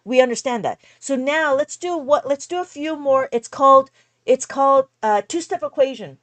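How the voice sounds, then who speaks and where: A woman teaching math in a casual livestream, talking in an animated, exasperated way. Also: sits high, normal speed.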